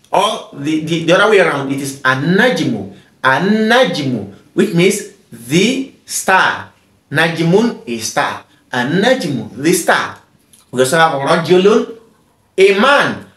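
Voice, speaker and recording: A male Arabic tutor giving a recorded lesson, patiently repeating each word slowly and often. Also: high voice, fairly bright tone, roomy sound.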